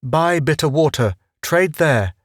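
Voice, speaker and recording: A man voicing a defiant young man who speaks in terse, broken phrases, steady and firm. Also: fairly high pitch, a little slow, no echo, studio quality, pitched above the performer's own voice. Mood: explaining. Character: young man, defiant captive trading bluffs.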